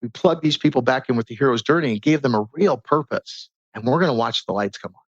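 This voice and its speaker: A man guest on a podcast, talking in a casual, animated way and teaching through stories and rhetorical questions. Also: mid-range voice, fast talker, dry recording. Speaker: podcast guest, transformation coach. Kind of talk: casual conversational interview. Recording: dull lo-fi sound.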